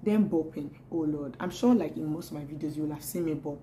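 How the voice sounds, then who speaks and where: A young adult woman chatting casually to camera in a vlog, animated and laughing often, repeating words as she talks. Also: low voice, quick pace, a little hiss or hum, poor audio. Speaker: pregnancy vlogger.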